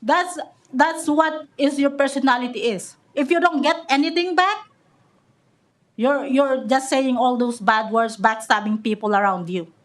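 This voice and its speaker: A woman with a high voice speaks at a podium microphone in a council chamber. She is angry and accusatory, and she stumbles and repeats her words as she gives her public comment. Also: measured pace.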